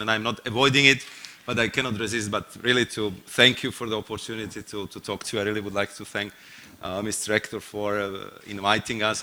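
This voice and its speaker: A man with a Slovak accent gives formal remarks as a guest official. He speaks in a courteous, earnest, good-humored way. His voice is very bright and sharp, and it sits a little low.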